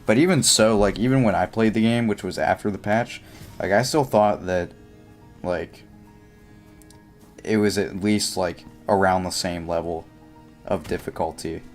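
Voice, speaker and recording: A man's voice: sits low, unhurried, pauses often, faint music behind. A young man livestreaming a game, chatting casually and thinking aloud, with lots of filler words as he plays. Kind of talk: casual gameplay commentary.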